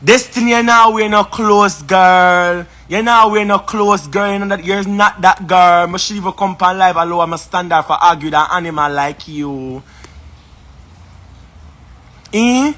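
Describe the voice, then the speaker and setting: A man's voice: high voice, moderate pace, few pauses, sharp tone. A man with a Jamaican accent, ranting on a live stream in a confrontational, repetitive, scornful way. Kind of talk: heated live-stream rant.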